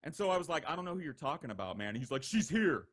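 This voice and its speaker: A young man with a slightly high voice tells a wild story from his past in a loose, casual way. He swears freely and slips into quick impressions of the people he talks about, letting his voice jump up and down as he acts out each one. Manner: animated, profane, acts out quoted voices. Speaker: podcast regular telling stories.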